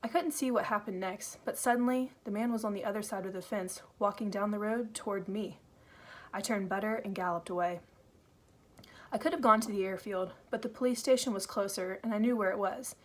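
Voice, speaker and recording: A woman reading a first-person novel aloud, in an earnest, steady storytelling manner. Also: medium pitch, fairly quick. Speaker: audiobook reader.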